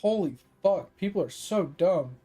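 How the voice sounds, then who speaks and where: A man with a high voice and a dark, mellow tone rants while he streams a game. He swears and vents, then laughs it off. Faint music plays underneath. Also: expressive, measured pace, husky. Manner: frustrated ranting, swearing, laughing it off. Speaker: gaming streamer. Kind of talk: live-stream venting while playing.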